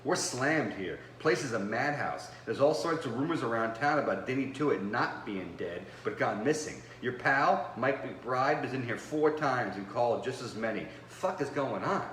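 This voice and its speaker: A man's voice: mid-range voice, lively intonation, normal speed, few pauses, a bit bright, distant mic, a little hiss or hum, natural voice. A man voicing a stressed, brash restaurant manager who talks bluntly and swears, recorded in a roomy space with faint background ambience. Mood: harried.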